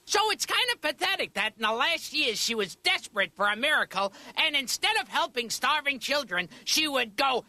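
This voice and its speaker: A woman rattling off a chatty, animated stand-up monologue in a cartoon therapy session. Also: high-pitched, moderate pace, hardly any pauses, no echo. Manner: chatty, animated, bouncy quoted voices. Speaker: patient doing stand-up.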